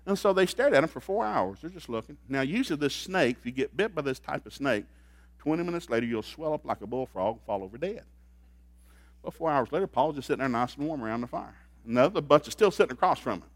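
Animated fast-talking male preacher. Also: mid-range voice, dry recording. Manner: animated, laughs at his own stories. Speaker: pastor. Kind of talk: storytelling sermon.

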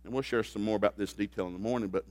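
A middle-aged man preaching a humorous sermon on marriage, folksy and joking, swinging from quiet asides to loud bursts. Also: lowish voice, steady tone, racing. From grew up in a blue-collar factory family.

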